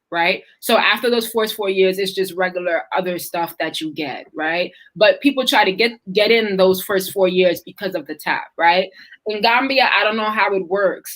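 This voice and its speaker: A woman's voice: medium pitch, fairly bright tone, low-quality recording. A young woman hosting a talk show, chatting casually and leaning on "like" and "right?". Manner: chatty, leans on "like" and "right?" tags. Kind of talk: casual chat.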